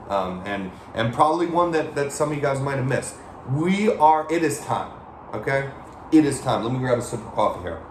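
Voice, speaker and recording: A man hosting a casual boxing chat, rambling and getting emotional and excited as he talks. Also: mid-range voice, reverberant, a little hiss or hum. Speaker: boxing watch-along host. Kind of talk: casual live fight chat.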